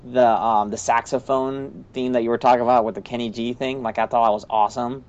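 A man's voice: mid-range voice, fairly even intonation, fairly quick, a little mellow. Guy cohosting a podcast, rambly, fillers everywhere, kinda muffled lo-fi audio. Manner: rambling, lots of likes and restarts. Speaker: podcast co-host. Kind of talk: casual chat.

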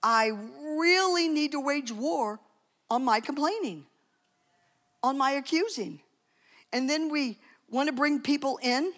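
A woman's voice: high voice, animated, a little slow, pauses often, fairly bright tone. A woman preaching a sermon in a conversational, emphatic way, with joking asides. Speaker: speaker at a church talk.

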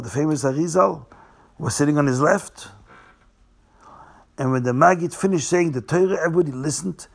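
A man telling a Hasidic tale, restating names and slowing down for drama. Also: on the high side, gravelly, slightly rough. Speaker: storyteller.

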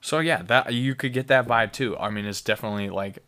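A man's voice: medium pitch, brisk, pushed and bright. A young man hosting a podcast, reviewing a beer in casual, rambling and profane chat. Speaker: podcast host.

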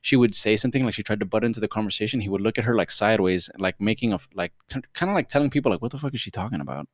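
A man's voice: fairly low pitch, rapid-fire, dry recording, clean studio sound. A man co-hosting a casual podcast, talking with lots of swearing and frequent laughter. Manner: animated, swears a lot, laughs often. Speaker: podcast co-host. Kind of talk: casual chat.

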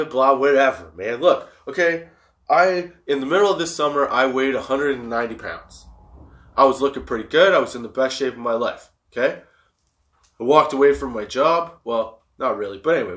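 A man's voice: mid-range voice, a bit bright. A young man hosting a podcast, talking casually and rambling, swearing a lot and laughing often. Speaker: podcast host. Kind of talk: casual stoner monologue.

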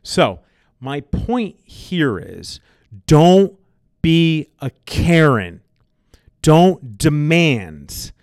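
A man's voice: medium pitch, dry recording, studio quality. A man hosting a podcast, lecturing bluntly and emphatically with frequent swearing. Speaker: podcast host and gym owner. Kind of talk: casual advice monologue.

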